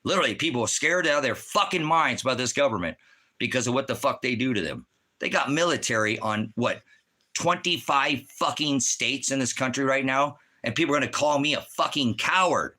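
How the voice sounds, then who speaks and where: Middle-aged male online preacher, furious profane rant, bright forceful voice. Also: mid-range voice, animated, a little fast. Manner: profane, fiery, heavy swearing. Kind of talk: angry ranting monologue. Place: rural home.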